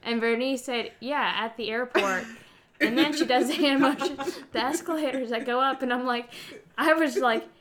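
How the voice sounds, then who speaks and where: A woman's voice: sits high, brisk, over a noisy crowd. A woman co-hosting a casual chat, telling a family story in a chatty, giggly way. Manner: chatty, giggly, loose phrasing.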